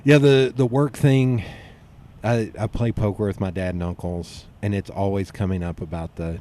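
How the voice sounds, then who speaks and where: A man hosting a podcast, telling stories in a relaxed conversational way. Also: lowish voice. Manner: storytelling, quick and animated with restarts. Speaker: podcast host. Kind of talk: casual conversational interview.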